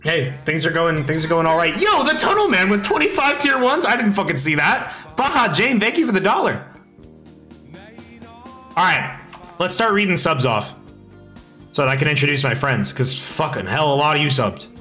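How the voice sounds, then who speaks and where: A young man streaming live, chatting excitably, reading chat aloud and swearing a lot, on a slightly echoey desk mic with faint music behind. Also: on the high side, normal speed. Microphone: desk microphone.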